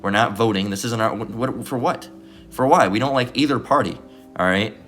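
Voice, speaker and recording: Over faint music, a man with a mid-range, fairly bright voice speaks briskly. He offers loose, meandering commentary on scripture as a self-appointed bible teacher, cursing openly and constantly tacking on "all right?".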